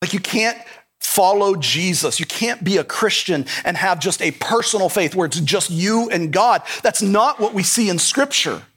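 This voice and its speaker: A man's voice: sits high, lively intonation, moderate pace, fairly bright tone, slightly rough. A male pastor preaching a sermon in an earnest, emphatic way, repeating his key points.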